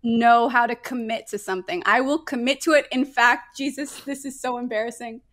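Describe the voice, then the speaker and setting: A young adult woman, a painter talking as a guest in a casual podcast conversation, animated, laughing often and swearing freely. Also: on the high side, brisk.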